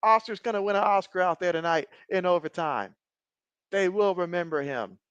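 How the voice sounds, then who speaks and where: A man streaming a game, giving casual play-by-play, reading viewer chat and joking often, getting excitable on big plays. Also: high voice, moderate pace, clean tone, dry recording, muffled recording. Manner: jokey, excitable, often laughs. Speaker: live-stream sports commentator.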